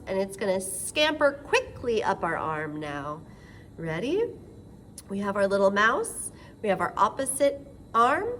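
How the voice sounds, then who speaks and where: A woman leading a children's storytime, gentle and sing-song, with excited gasps as she guides finger rhymes. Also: fairly high pitch, a little hiss or hum. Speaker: children's librarian.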